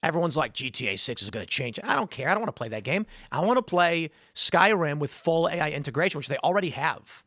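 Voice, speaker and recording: A man with a fairly high voice hosts a casual podcast debate, pressing his point and cutting in on his co-host. The sound is dry and close, with no room around it. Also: expressive, fast talker, hardly any pauses, bright, forceful tone, no room sound. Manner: argumentative, interrupts. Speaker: show host.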